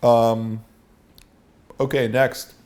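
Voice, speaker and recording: A man's voice: medium pitch, level tone, extremely slow, a little mellow. A man teaching a seminar as a dating coach, asking the room questions and acting out example lines.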